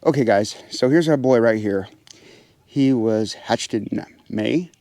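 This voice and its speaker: Bird-keeper vlogger, man, chatty, mid-pitched voice, slips into a higher coaxing tone when he addresses his birds. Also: unhurried, dark tone, dry recording, faint music behind. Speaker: pheasant farmer and channel host. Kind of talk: casual vlog narration while doing chores. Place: outdoor aviary pens.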